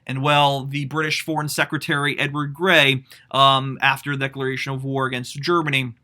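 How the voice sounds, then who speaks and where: A man teaching a high school history class online, explaining in a casual, conversational way with fillers and questions to his students. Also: flat delivery, moderate pace, pushed and bright. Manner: casual, conversational explaining with frequent "um" and "you know".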